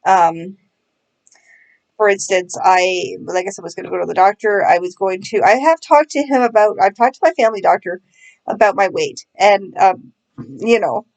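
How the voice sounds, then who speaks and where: A woman's voice: medium pitch, a little mellow. A woman vlogger in casual chat, sarcastic and self-mocking, laughing often as she talks.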